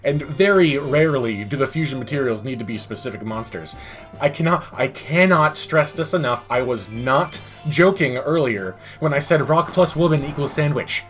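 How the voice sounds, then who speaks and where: Lively sarcastic male game reviewer. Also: mid-range voice, normal speed, faint music behind. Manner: sarcastic, exasperated rants. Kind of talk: comedic game review commentary.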